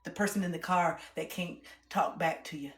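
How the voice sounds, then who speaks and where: A woman's voice: fairly low pitch, normal speed, fairly bright tone. A woman livestreamer ranting in a blunt, profane, confrontational way. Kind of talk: livestream rant. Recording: roomy echo.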